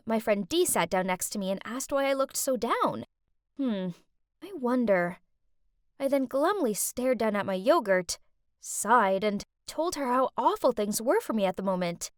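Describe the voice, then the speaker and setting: A woman tells a first-person animated story, chatty and dramatic, turning to the listener as if confiding. Her voice is high and swings widely in pitch. The recording is close and dry, with no room sound. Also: no echo. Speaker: narrator.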